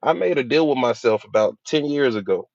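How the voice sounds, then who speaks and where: A man's voice: mid-range voice, lively intonation, a little fast, a little mellow, no echo. A man, a hypnotherapist, giving a motivational speech with emphatic repetition, rhetorical questions and casual slang. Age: adult with a school-age child. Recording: dull dry lo-fi recording.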